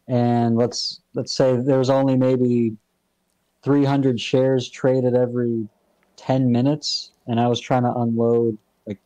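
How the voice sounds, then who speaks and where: A man in a casual chat, explaining in a measured way and repeating words as he starts sentences. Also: medium pitch, dark tone, dry recording, poor audio.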